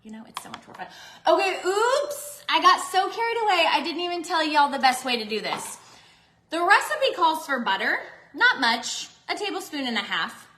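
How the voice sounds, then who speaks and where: A bubbly woman chats her way through a recipe, her high voice bouncing all over the place. She sounds bright and animated, talking straight to her viewers. The sound rings a little in her home kitchen. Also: moderate pace, reverberant. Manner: bubbly, chatty, talks to viewers. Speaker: cooking vlogger. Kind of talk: chatty cooking live stream.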